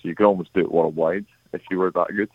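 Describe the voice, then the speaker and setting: Brief: British man, part Kiwi accent, deep voice, dry tinny phone line, chatty and rambling. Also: fairly even intonation, quick pace, slightly rough, no room sound. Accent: partly New Zealand. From Britain. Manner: chatty, rambling, many fillers. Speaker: guest cyclist. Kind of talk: casual phone interview.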